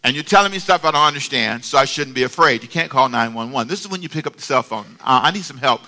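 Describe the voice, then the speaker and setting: A man preaching a sermon with animated call-and-response and playful asides to the congregation. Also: medium pitch, quick pace. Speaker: pastor.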